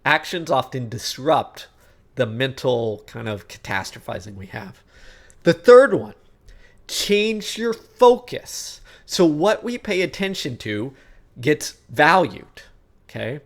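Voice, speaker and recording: In an instructional talk on sports psychology, a man coaches athletes in a medium-pitched voice with big swings in pitch, taking his time. He explains ideas conversationally, checking in often with "okay?" and "guess what?", and acts out his inner thoughts in quoted asides.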